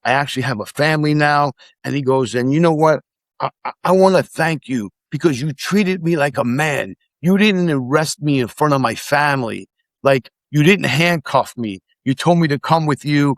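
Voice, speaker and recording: A middle-aged man, a podcast guest, casually telling animated stories, acting out the quotes and swearing freely. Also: fairly high pitch, moderate pace, dry recording. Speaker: podcast guest, former immigration officer. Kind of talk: casual storytelling in conversation.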